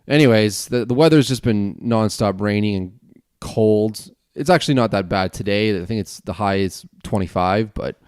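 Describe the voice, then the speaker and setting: A man with a fairly low, smooth voice hosts a casual podcast from his desk at home. He rambles and chats loosely, dropping the odd swear word. The sound is close and dry, with no room echo. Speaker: podcast host. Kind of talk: casual solo podcast, beer review.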